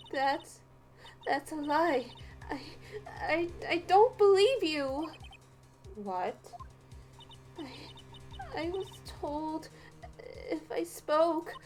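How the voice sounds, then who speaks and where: A woman putting on a fragile young female witness who stammers, breaks off and pleads in a voice that climbs high and thin. The delivery is slow and halting. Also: darkish tone, exaggerated voice. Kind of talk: let's play voice reading.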